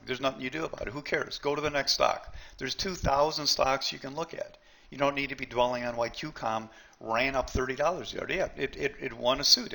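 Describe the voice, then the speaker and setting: A man's voice: medium pitch, creaky, sharp tone. A man teaching a live trading seminar, blunt and emphatic, often repeating himself and talking straight to the group.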